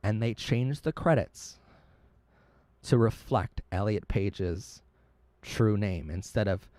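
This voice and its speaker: A livestream host speaks earnestly and emotionally while tearing up, often stumbling and restarting his words. His voice is fairly low, slow and mellow, with no room sound.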